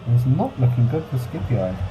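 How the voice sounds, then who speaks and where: A man's voice: mid-range voice, big pitch swings, a little fast, phone-quality sound. A man giving casual commentary on a strategy game battle, rambling and correcting himself as he thinks aloud. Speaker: gameplay reviewer and commentator. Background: music.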